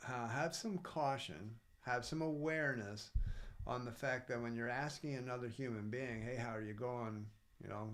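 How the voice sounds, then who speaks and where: A man co-hosting a podcast, talking in an earnest, rambling way with frequent restarts. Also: medium pitch. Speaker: podcast co-host. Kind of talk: casual reflective chat.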